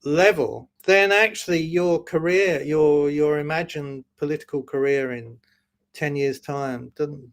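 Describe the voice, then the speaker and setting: A man's voice: fairly high pitch, steady tone, a little slow, clean tone. Reflective male podcast guest. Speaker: guest, musician. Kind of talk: casual conversation.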